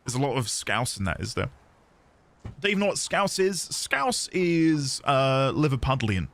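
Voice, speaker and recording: A man's voice: mid-range voice, sing-song, measured pace, a bit bright. A man chatting casually on a live game stream, rambling and self-deprecating.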